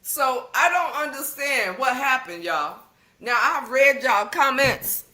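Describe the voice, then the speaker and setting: A woman's voice: high voice, lively intonation, slow pace, pushed and bright. A woman hosting a casual livestream, reading viewer comments in a playful, teasing way and laughing often. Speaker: livestream host.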